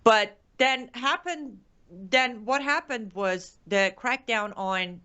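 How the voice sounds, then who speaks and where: A woman's voice: a little high, sharp tone, clear, resonant tone. An Iranian-accented woman hosts a live commentary show. She speaks with heated conviction and raw emotion, often tripping over her words and starting again as she reads viewer comments. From Iran. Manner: impassioned, emotional, rapid restarts. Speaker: show host.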